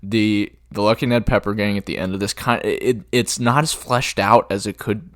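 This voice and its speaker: A man's voice: on the low side, fairly even intonation, normal speed, no room sound, clean studio sound. A man co-hosting a podcast, chatting casually and enthusiastically about a favorite film. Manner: enthusiastic, quotes movie lines with light laughter. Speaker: podcast co-host.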